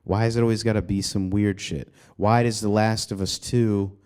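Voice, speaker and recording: A male comedian hosting his own podcast, ranting casually and profanely, rambling with sudden jumps in pitch, recorded in an apartment. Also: steady tone, normal speed, darkish tone, clear, resonant tone. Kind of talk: casual solo podcast rant.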